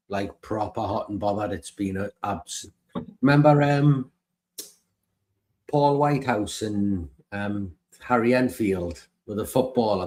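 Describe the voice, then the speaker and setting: A man's voice: fairly low pitch, darkish tone. A man from northern England co-hosting a casual podcast, chatty and laughing at his own stories. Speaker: podcast co-host. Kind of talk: casual chat.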